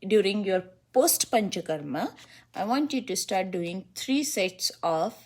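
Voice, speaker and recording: A woman's voice: medium pitch, lively intonation, measured pace, darkish tone. A woman Ayurvedic physician in a one-on-one consultation, giving instructions, repeating the key points and laughing easily with her client.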